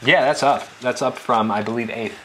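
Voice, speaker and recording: A man's voice: mid-range voice, normal speed, a bit bright, slight background noise. A man co-hosting a live tech news show in a studio, reading out prices with playful emphasis in casual chat. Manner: reads figures with playful emphasis.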